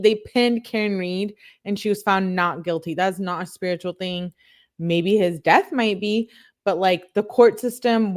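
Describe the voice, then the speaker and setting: Outraged woman ranting on a livestream. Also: mid-range voice. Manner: outraged, rapid, swearing, rhetorical questions. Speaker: livestream host. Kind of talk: live reaction commentary.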